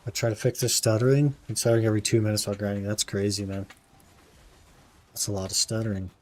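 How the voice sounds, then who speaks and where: A man's voice: fairly low pitch, little pitch movement, fast talker, a little mellow. A young man streaming a game, chatting casually and laid-back with his viewers, often calling them "man". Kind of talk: casual live-stream chat while gaming.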